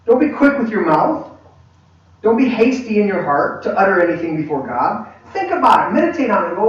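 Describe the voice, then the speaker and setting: Guy preaching a class, kinda high voice, acts out the dialogue, big echo, far from the mic. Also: brisk. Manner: animated storyteller, acts out quoted dialogue, many restarts. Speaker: pastor teaching a leadership class. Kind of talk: conversational sermon-style teaching. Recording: echoey hall, distant mic, dull lo-fi.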